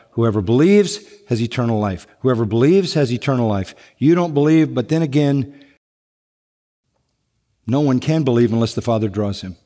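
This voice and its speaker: A man's voice: medium pitch, warm tone. A man preaching a sermon, emphatic, and he often repeats key phrases. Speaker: pastor. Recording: long echo of a large hall.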